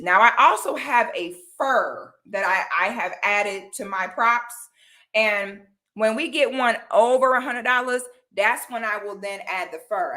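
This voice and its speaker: A woman's voice: medium pitch, pushed and bright. Woman playing a pompous rich madame. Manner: pompous, mock-grand. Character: haughty rich madame lording over peasants. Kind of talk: comic bit to camera.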